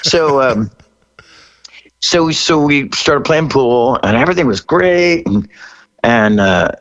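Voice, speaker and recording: Guy in his 60s, rock singer telling a road story, laughs a lot, acts out the voices, animated. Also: mid-range voice, slow pace, highs cut off. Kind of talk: storytelling interview.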